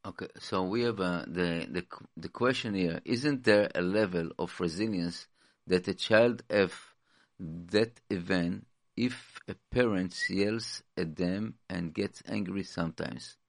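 Halting, gravelly male radio co-host. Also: low-pitched, no echo, studio quality. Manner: halting, many restarts and fillers. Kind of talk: call-in radio advice talk.

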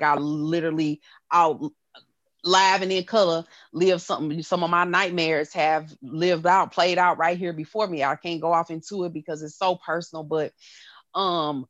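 A woman's voice: on the low side, fairly bright tone, dry recording, muffled recording. A woman in her thirties hosting a podcast, talking casually and candidly with lots of fillers and frequent laughter. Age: 30s. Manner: candid and loose, often breaking into laughter; drawn-out pauses and filler-heavy phrasing. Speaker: podcast host.

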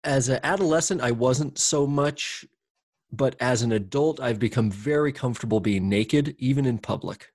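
In a casual, reflective conversation, a man talks candidly and rambles, with lots of fillers, restarts, and casual swearing. His mid-range voice has a darkish tone and moves at normal speed. The recording is studio quality with no echo.

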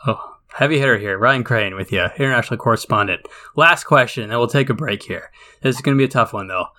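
A male podcast host with a bright, forward tone. He keeps the chat going with playful teasing and quick, joking jabs at his guest. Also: medium pitch.

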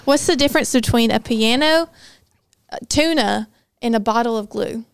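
A woman's voice: on the high side, moderate pace, gravelly, very noisy. A woman chatting casually with dry, wry remarks. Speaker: church staff member. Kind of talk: casual chat.

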